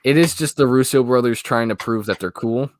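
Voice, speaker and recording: A young man who makes movie videos chats as a guest in a casual interview, hesitant and rambling, leaning on fillers and lots of "I don't know." His mid-range voice moves a little fast, and the recording is dry with clean studio sound.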